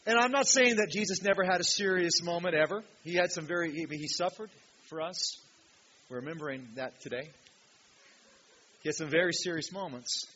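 A male pastor preaching a sermon in a church, emphatic, swinging from loud, ringing peaks to quiet asides. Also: fairly high pitch, brisk, slightly rough. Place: church hall with a projection screen. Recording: dull lo-fi sound with faint hiss.

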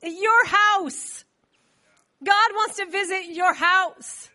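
High, bright-voiced woman preacher. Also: extremely slow. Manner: animated storytelling, acting out voices with laughs. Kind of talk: sermon. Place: church.

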